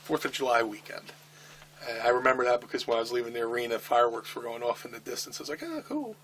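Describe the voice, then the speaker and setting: Bright-voiced man telling a backstage story. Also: medium pitch, slight background noise, rough recording. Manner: animated, swearing, acts out quoted voices, halting restarts. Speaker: interview guest, wrestler. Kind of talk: casual storytelling in a shoot interview.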